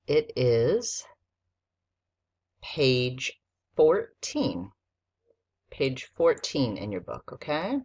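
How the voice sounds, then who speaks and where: A woman teacher giving a recorded spelling lesson to young students, dictating slowly and sounding out letters one at a time. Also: extremely low pitch, very animated, a little mellow, slightly rough, highs cut off.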